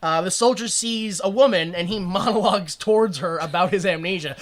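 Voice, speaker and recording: A man's voice: high voice, a little fast, few pauses. A man co-hosting a podcast, casually recapping an old show, laughing often and slipping into exaggerated old-timey voices. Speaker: podcast co-host. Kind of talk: casual comedic recap chat.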